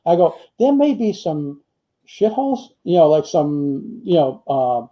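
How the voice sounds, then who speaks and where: An older man with a fairly high voice tells rambling stories from his working years, his talk packed with fillers and quoted lines. The recording is muffled and lo-fi. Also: sing-song, a little slow. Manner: rambling anecdotes with many fillers and quoted dialogue. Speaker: retired firefighter and author, guest. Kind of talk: storytelling in a casual interview. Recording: muffled lo-fi audio.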